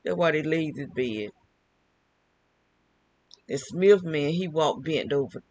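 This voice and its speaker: A man's voice: a little high, lively intonation, slow pace, no room sound, low-quality recording. An older man talking alone to camera, rambling and often repeating and restarting his phrases. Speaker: vlogger. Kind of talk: casual monologue.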